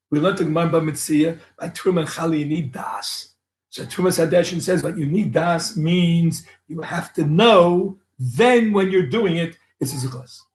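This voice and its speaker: A man teaches a Talmud lesson as a rabbi, walking students through the argument with rhetorical questions and Hebrew and Yiddish terms. His voice sits a little high for a man. The room adds a clear echo. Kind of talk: yeshiva Talmud lecture.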